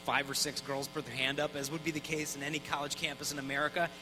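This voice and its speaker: A man in his thirties giving an energetic, conversational talk at a conference, acting out voices in his stories. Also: fairly high pitch, fast, noisy background. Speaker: Catholic speaker. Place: conference hall.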